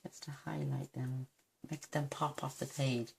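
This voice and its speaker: Soft-spoken woman with a gravelly voice. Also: very deep voice, little pitch movement, a little slow, slight background noise. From United Kingdom. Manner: soft-spoken, mumbles to herself, gushing. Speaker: card-making demonstrator. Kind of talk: crafting tutorial.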